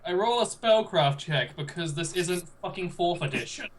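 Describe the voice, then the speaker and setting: A man playing a tabletop game, loud, profane and exasperated in his banter. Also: sits high, lively intonation, normal speed, recorded from a distance, a crowd in the background. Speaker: player.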